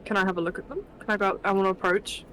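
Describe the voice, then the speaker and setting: A woman's voice: mid-range voice, steady tone, racing, fairly bright tone, slight background noise, low-quality recording. A woman playing a tabletop game, asking curious questions about what her character can check. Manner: curious, asks rules questions. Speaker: player. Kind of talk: casual tabletop play.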